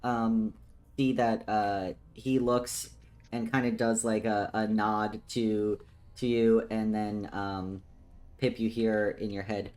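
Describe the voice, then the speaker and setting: A man narrating as game master of a tabletop game, unhurried and full of ums. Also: lowish voice, flat delivery, darkish tone. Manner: unhurried, with many ums and chuckles.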